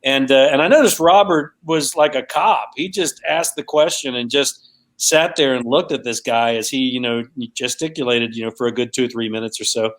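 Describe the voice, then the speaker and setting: A man's voice: medium pitch, moderate pace. A man, an author guest in a casual interview, telling a story and acting out quoted lines.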